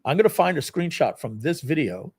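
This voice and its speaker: A man hosting a live product launch stream, walking viewers through a software demo in a casual, rambling, self-deprecating way with lots of fillers. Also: a little high, sing-song, fairly quick, slightly rough.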